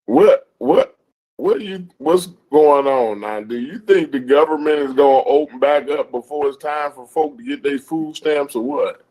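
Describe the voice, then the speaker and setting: Mellow-voiced man asking a slow question. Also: a little high, rough recording.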